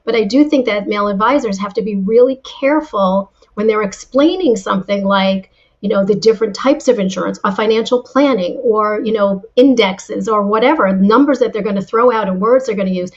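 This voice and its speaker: A woman guest in an interview who tells stories in a lively, animated way and often repeats words as she starts a sentence. Her voice sits at a middle pitch. The recording sounds a little muffled and lo-fi. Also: brisk. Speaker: guest, sales and leadership speaker. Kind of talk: interview answers with personal stories.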